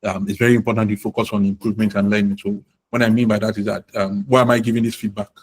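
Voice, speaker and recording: A man teaching a live online class, encouraging and loose, filling pauses with "um" and "you know". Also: lowish voice, little pitch movement, slightly rough, low-quality recording. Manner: encouraging, uses many fillers and "you know". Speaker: product management instructor.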